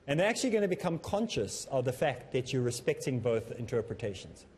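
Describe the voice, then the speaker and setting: Measured man teaching, dark mellow voice. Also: mid-range voice, a little hiss or hum. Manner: self-described as a bit monotonous; measured, instructive delivery. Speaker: Islamic teacher and TV presenter. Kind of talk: televised lesson on public speaking.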